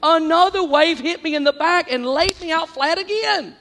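A man with a very high voice tells a story on stage, animated and exaggerated, swinging from loud bursts to quiet asides. His voice rings out with a long reverb through a large hall. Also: moderate pace, vocal fry, background noise. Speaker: comedian. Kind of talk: stand-up storytelling.

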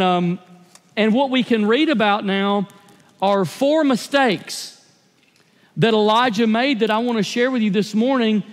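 A man's voice: very high voice, big-room sound. A man preaching a sermon as pastor, telling a personal story in an earnest, confessional way. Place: church sanctuary.

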